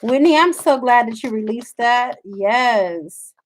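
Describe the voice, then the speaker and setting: Woman, emphatic preachy spiritual reader, slightly high voice. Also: animated, takes it slowly. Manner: emphatic, preachy, addresses viewers as y'all. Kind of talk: live spiritual reading.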